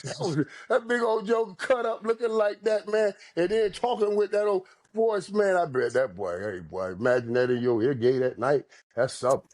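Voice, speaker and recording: A man on a sports talk show tells a rambling story. His pitch swings widely and his delivery is animated. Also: moderate pace, few pauses.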